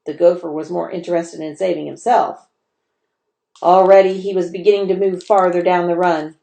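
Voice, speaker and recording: A woman, a teacher, reading a children's chapter book aloud in an expressive storytelling manner. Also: fairly low pitch, moderate pace, vocal fry. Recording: roomy echo.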